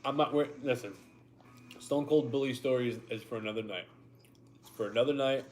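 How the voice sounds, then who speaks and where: A man's voice: mid-range voice, fairly quick, slight background noise. A man co-hosting a live stream, bantering casually and joking about himself. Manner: joking, self-deprecating.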